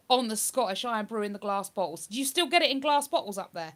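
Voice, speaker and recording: Chatty woman, bright voice. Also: sits high, lively intonation, a little fast, few pauses. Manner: chatty, reads viewer comments aloud and answers them. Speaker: live streamer. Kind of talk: casual live-stream chat.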